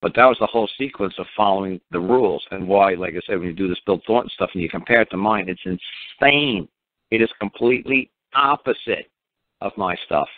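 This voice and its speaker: A man's voice: deep voice, fairly quick, no echo. A man telling a rambling story in a blunt, colloquial and emphatic way. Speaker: speaker on common law. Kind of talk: rambling anecdotal talk. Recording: dry tinny phone-line sound.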